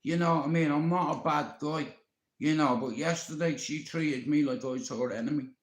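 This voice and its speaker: A man's voice: a little high, normal speed. An upset Irish man on a live stream, rambling and swearing often as he talks to a friend. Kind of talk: emotional live-stream rant. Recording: echoey roomy sound.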